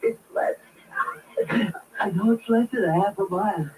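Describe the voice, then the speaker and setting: A man's voice: high voice, normal speed, a little mellow, close to an everyday voice. An actor playing a man gasping through a heart attack, breathless and pleading, in an old radio drama with a distant, hissy recording.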